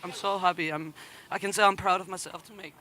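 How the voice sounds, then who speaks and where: Emotional woman rider, bright tense voice. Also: lowish voice, fairly even intonation, a little hiss or hum. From Canary Islands. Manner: halting, apologetic, laughing through nerves. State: emotional, close to tears. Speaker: competing athlete interviewed. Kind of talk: post-heat interview.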